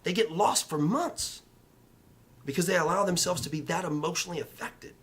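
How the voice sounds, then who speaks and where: A man's voice: fairly high pitch, moderate pace, fairly bright tone. A man in real estate speaking in a casual vlog, giving emphatic, repetitive motivational advice in a coaching tone.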